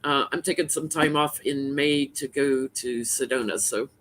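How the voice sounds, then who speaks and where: A woman hosting a casual live tarot stream, talking in a relaxed, rambling way with frequent fillers. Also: very deep voice, normal speed, slight background noise. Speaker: tarot reader and show host.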